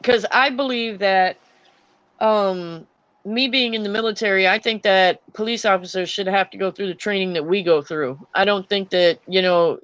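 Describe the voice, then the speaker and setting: A woman's voice: mid-range voice, fairly bright tone, no room sound, dull audio. A young adult woman who is an army veteran, telling stories in a casual chat with lots of fillers and restarts. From Florida. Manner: rambling storytelling with many fillers.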